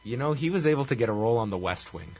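A husky-voiced man chatting casually on a podcast. He recaps a movie plot wryly and with plenty of swearing, laughing at his own jokes. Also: mid-range voice, expressive, rapid-fire, darkish tone, no room sound. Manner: wry, profane, laughs while recapping. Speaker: podcast co-host.

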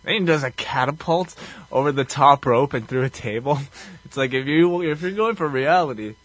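A man's voice: mid-range voice, moderate pace, a bit bright. A man co-hosting a casual podcast, reacting with incredulous questions while discussing a movie. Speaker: podcast co-host. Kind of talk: casual movie recap chat.

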